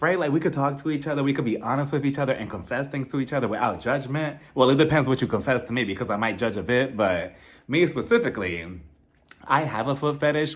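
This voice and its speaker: A man's voice: mid-range voice, fairly bright tone. A man recapping a reality TV episode with sarcastic, dramatic asides. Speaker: TV recap host.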